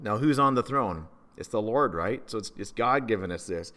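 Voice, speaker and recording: A man preaching a sermon. He rises to loud, emphatic peaks and drops to hushed, slow phrases. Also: mid-range voice, expressive. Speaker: pastor.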